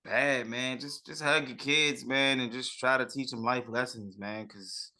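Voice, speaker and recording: A man's voice: medium pitch, fairly even intonation, unhurried, pushed and bright. A man co-hosting a sports podcast, talking casually and repeating himself, with "man" at the end of many phrases. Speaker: podcast co-host.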